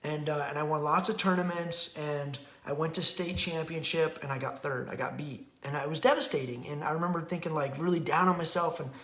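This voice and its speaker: A middle-aged man talks about parenting in a loose, rambling way, slipping into quick acted-out quotes. His voice sits a little high for a man. The room around him rings with echo. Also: a bit bright. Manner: rambling, candid, acts out quotes with laughs. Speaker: podcast host and parenting author. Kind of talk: casual rambling talk. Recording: echoey room.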